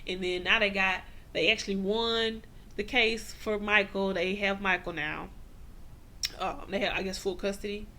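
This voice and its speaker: A woman's voice: medium pitch, fairly even intonation, normal speed, bright, forceful tone, slight background noise. A woman giving a casual, slangy TV recap, acting out the characters' lines and laughing often. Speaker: TV recap vlogger.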